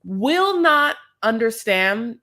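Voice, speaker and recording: A man's voice: extremely high pitch, very animated, very slow, pushed and bright. A man co-hosting a podcast, recapping a reality show in a campy, gossipy way with dramatic asides. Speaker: podcast co-host.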